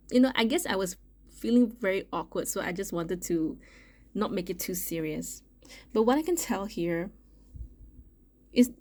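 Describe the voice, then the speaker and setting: Mellow-voiced woman reading tarot. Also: medium pitch. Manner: chatty, thinks aloud, often repeats "okay" and restarts. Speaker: tarot reader. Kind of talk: casual pick-a-card tarot reading.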